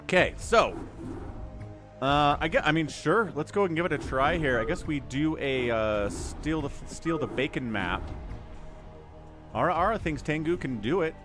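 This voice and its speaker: A man's voice: on the high side, expressive, normal speed. A man hosting a live game stream, chatting with viewers in an upbeat, chatty way and thanking them by name. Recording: music playing behind.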